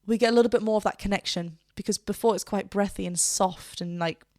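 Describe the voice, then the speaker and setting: A woman's voice: mid-range voice, fast talker, a little mellow, dry recording, studio quality. A woman vocal coach reacting to a song, chatting about technique and breaking into short sung demonstrations. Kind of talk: reaction video with vocal analysis.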